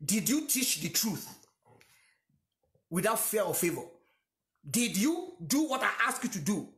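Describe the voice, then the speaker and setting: A man's voice: high-pitched, sing-song, measured pace, a bit bright, echoey room. A Nigerian-accented man whose first language is Yoruba, preaching a sermon emphatically and repeating lines for stress. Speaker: pastor.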